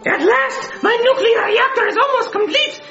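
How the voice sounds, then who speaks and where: Shrieking villain, very high, gravelly, shouting, echoey. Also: male voice, normal speed, heavily acted. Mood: gloating. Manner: shrill shouting with gloating cackles. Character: manic shrieking villain building a reactor. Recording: muffled, echoey, music behind.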